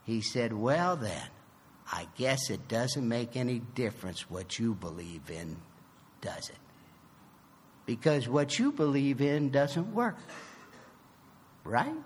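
A man giving a personal recovery testimony, animated and emphatic, acting out both sides of a conversation. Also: mid-range voice, slow, pauses often, in a large hall, a little hiss or hum. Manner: emphatic, swings from loud to soft. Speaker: recovery meeting speaker.

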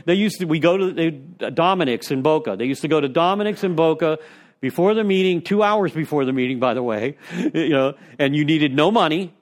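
A man's voice: on the high side, lively intonation, fairly quick. Chatty man telling recovery stories. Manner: rambling, conversational storytelling with frequent "you know". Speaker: recovery speaker leading a step study. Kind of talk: informal recovery talk to a group. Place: meeting room with an audience.

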